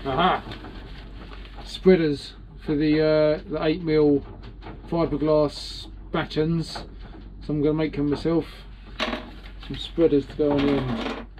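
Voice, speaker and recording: A man's voice: on the high side, fairly even intonation, slow, long pauses, a little mellow, slight background noise, poor audio. Chatty British man vlogging from his boat. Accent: British English. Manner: rambling, chatty, self-mocking. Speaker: sailing vlogger. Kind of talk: casual vlog to camera.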